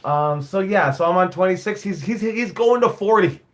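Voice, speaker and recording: On a casual live stream, a wrestling coach in his forties, who owns the school and serves as head coach, rambles bluntly and swears freely. His voice is high-pitched with lively intonation at a normal speed.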